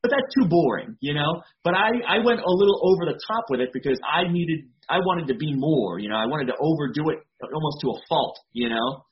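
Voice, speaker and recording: A man's voice: on the high side, animated, brisk, few pauses, muffled recording. A man, a wrestler being interviewed, talking casually with lots of "you know" fillers. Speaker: wrestler guest.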